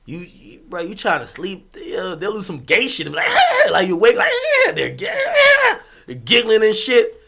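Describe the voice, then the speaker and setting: A young man from Jamaica streaming and telling a story in loose, profane casual chat. His voice sits high and bright, and it jumps around wildly. He breaks into laughter and shouts between low asides. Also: moderate pace, gravelly, husky. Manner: animated, swears freely, bursts of laughter, swings from loud to muttered.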